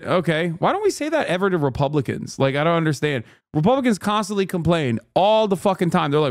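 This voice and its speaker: Indignant streamer man ranting fast. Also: on the high side, lively intonation, dry recording, studio quality. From Turkey. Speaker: streamer reacting to a video. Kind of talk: heated live-stream commentary.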